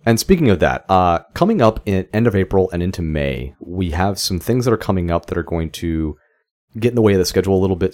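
A man with a very low voice co-hosts a relaxed film podcast. He talks in a loose, joking way and laughs often. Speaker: podcast co-host. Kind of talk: casual chat.

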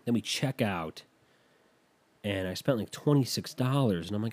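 A man's voice: lowish voice, expressive, normal speed, darkish tone. A man telling a rambling, self-deprecating story in casual chat, losing his thread and picking it back up.

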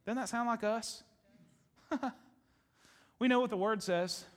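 A male pastor preaching a sermon to his congregation, animated, repeating phrases for emphasis and laughing often. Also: extremely high pitch, slow pace. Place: church sanctuary with congregation.

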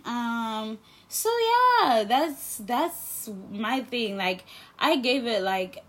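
A woman's voice: a little high, extremely slow. A woman co-hosting a casual podcast, talking in a laid-back, hesitant way full of fillers. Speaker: podcast co-host. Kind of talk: casual chat.

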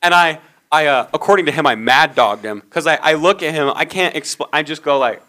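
A man's voice: a little high, fairly quick, pushed and bright. A young man co-hosting a casual podcast, rambling through a story and acting out what people said. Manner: rambling storyteller, acts out quoted dialogue. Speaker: podcast co-host.

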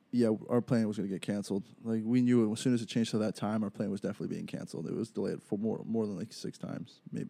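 A man's voice: on the low side, vocal fry, mellow, no echo. A young man hosting a podcast, telling a rambling story in casual, profane speech full of fillers. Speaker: podcast host.

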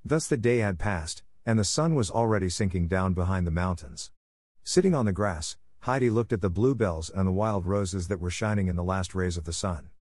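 A man narrating a children's story aloud in a steady storytelling manner. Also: sits low, moderate pace, no room sound, clean studio sound. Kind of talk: audiobook reading.

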